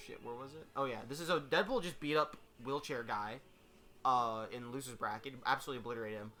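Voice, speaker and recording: A man's voice: medium pitch, brisk, sharp tone. A man hosting and casually commentating fights, swearing freely and filling his sentences with "like" and "uh". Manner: casual and profane, with filler words. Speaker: host and commentator. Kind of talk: casual game commentary and story reading.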